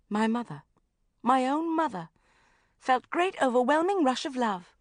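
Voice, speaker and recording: Comic diary audiobook narrator, woman, lively pitch swings, dry close studio sound. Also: moderate pace, no echo. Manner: animated, breathless exasperation, flat asides.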